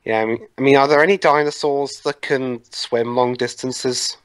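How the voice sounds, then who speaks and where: A man's voice: mid-range voice, steady tone, moderate pace, clear, resonant tone, no echo. A man in a casual group movie commentary who rambles and restarts his sentences.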